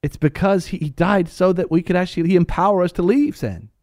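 A man delivers an impassioned sermon in a somewhat high voice. He swings from near-whispered passages to loud, ringing declarations and speaks straight to his listeners. The recording is dry and close, with almost no room sound. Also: brisk, no echo. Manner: addresses listeners directly as sir and ma'am. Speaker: preacher.

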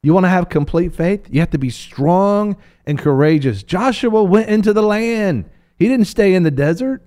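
A man teaching from the Bible in a preaching talk, animated and playful, acting out voices of biblical figures. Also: high-pitched, moderate pace.

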